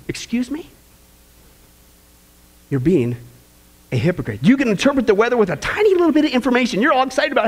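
A man's voice: a little high, sing-song, a little fast, slightly rough. A man preaching a sermon with passion, scolding and acting out quoted voices. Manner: impassioned, scolding, acts out quotes.

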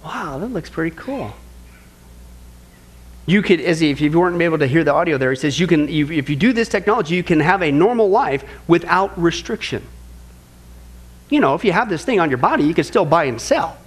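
A man with a notably high voice preaches a Bible study with strong emphasis. He calls his listeners folks, stacks repeated phrases and fires off rhetorical questions. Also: animated, a little fast, husky. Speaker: Bible prophecy teacher. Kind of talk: sermon-style Bible study.

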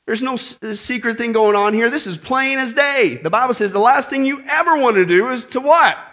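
A man with a very high-pitched voice preaches to a congregation at a fairly quick clip. He keeps things animated and conversational, joking and repeatedly asking "okay?"

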